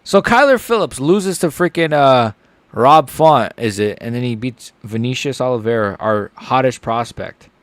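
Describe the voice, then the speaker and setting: A man streaming a live fight reaction, excitable and joking, often blurting out swear words. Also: mid-range voice, moderate pace, dry recording.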